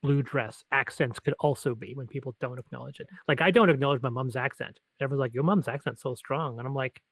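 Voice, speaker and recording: A man's voice: mid-range voice, fast, fairly bright tone, rough recording. A Canadian man co-hosting a podcast, rambling and self-correcting as he tells stories. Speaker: podcast co-host. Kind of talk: podcast chat.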